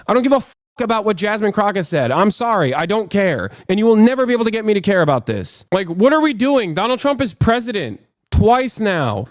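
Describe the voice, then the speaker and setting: A male streamer tearing into political news with profane, heated outbursts. His voice sits somewhat high, and it is recorded close and dry with no room around it. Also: very animated, dry recording. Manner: heated, profane, rapid bursts. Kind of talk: reaction stream commentary.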